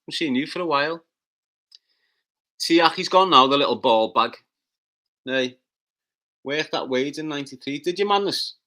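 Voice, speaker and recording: A Scouse man hosts a casual livestream, firing off brash, sweary banter at his chat and breaking into loud taunts. His voice sits a little high, with a sharp, forceful brightness. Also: moderate pace, pauses often. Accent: Liverpool (Scouse). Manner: bursts into loud taunting rants. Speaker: livestream host reading chat comments.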